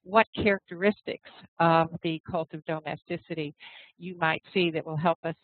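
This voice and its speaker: A woman's voice: low voice, steady tone, normal speed, no room sound. A woman presenting an online seminar in a conversational way, over tinny phone-like audio. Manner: conversational, with frequent fillers. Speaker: education program presenter.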